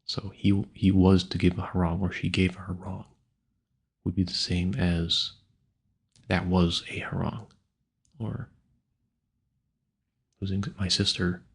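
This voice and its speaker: A man with a very low, gravelly voice talks casually into a home mic. His tone is husky and a little rough. He muses aloud and trips over hard words as he tries them out. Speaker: audio creator. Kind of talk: rambling casual talk.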